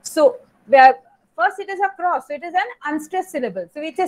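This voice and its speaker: A woman's voice: high voice, expressive, brisk, a little hiss or hum. A woman teacher with an Indian English accent giving an online lecture, explaining step by step, repeating phrases and often adding "you know" and "okay".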